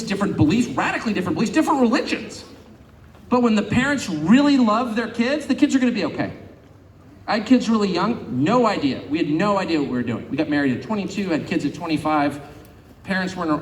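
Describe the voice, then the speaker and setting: A middle-aged man from California gives a public speech to an audience, animated and sarcastic, mocking imagined critics. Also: high voice, slight background noise. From California, United States. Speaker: guest speaker. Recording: echoey hall, faint ambience.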